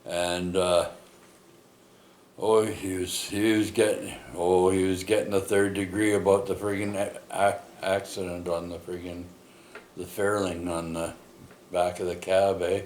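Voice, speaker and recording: A man with a very low voice tells a personal story at an unhurried pace. He rambles, restarts often and keeps tagging his sentences with questions. He is recorded in an echoey room with faint ambient noise behind him. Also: flat delivery, a little mellow. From Canada. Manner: rambling, many fillers and tag questions.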